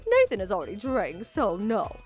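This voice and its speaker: A woman playing a shrill, sneering mother-in-law. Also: wildly swooping pitch, normal speed, a little mellow, breathy edge, faint music behind. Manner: sneering, mocking, shrill taunts. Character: nagging, spiteful mother-in-law, older woman. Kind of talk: animated story voice acting.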